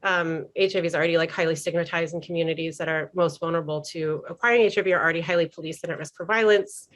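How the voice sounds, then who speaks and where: A woman speaking on a video-call panel discussion, fast and rambling with many fillers. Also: deep voice, steady tone, fairly bright tone. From New York. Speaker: panelist, organizer.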